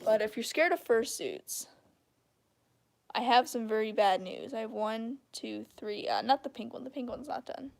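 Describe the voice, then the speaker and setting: A woman with a slightly high voice rants bluntly on a live stream. She rambles from point to point and airs her opinions without holding back. Her voice sounds congested, as if her throat is clogged. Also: moderate pace, gravelly, a little mellow. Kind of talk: casual live-stream rant.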